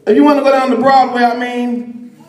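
A man preaching a sermon in a dramatic way, shouting at times and mocking the voices of others. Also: very high voice, level tone, brisk, roomy sound.

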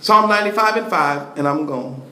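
A man preaching a sermon in a slow, rhythmic cadence, stretching words and rising to shouts. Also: high voice. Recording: echoey hall, mic at a distance.

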